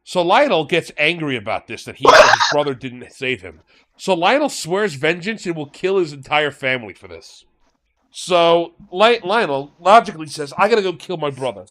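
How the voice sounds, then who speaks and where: A man's voice: a little high, very animated, moderate pace, pushed and bright, no room sound. A man co-hosting a casual podcast, retelling legends and acting out the characters' lines. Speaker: podcast co-host.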